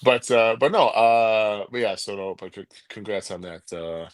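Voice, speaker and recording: Low-voiced man, rambling sports talk. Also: a little slow, no room sound. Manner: rambling, restarts, laughs often. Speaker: co-host of a sports call-in show.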